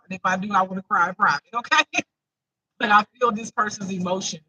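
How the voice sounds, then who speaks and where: High-voiced man giving a spiritual reading. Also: fast, bright, forceful tone, dry recording, rough recording. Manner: emotional, repetitive, chatty. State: close to tears. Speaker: intuitive spiritual reader. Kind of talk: improvised spiritual reading to viewers.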